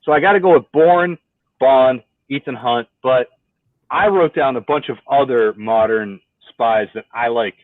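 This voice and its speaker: A man co-hosting a casual podcast chat, telling stories in a profane, animated way over a remote call. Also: mid-range voice, unhurried, dry recording. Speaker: podcast co-host. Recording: tinny phone-like call audio.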